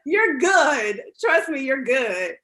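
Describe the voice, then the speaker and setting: A woman's voice: sits high, big pitch swings, takes it slowly, bright, forceful tone. A woman hosting a casual interview over a video call, upbeat and laughing often. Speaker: radio show host.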